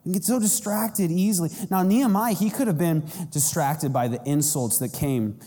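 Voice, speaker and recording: Pastor guy preaching in church, animated, kinda self-mocking, big echoey hall. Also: on the high side, moderate pace. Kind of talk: sermon. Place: church sanctuary.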